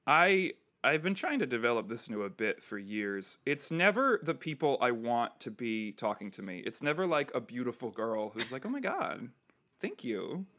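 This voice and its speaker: A comedian and veteran from the United States talks in a bright, forceful voice. He tells his stories with energy and acts out the lines of the people in them. The whole thing has the easy feel of a casual podcast chat. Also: mid-range voice, normal speed, hardly any pauses. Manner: animated storyteller who acts out other people's lines.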